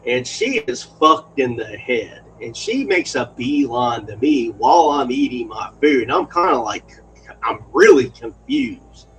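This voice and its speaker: A man's voice: medium pitch, sing-song, measured pace, slight background noise, poor audio. A man telling a crude personal story in a rambling, profane way, laughing as he goes.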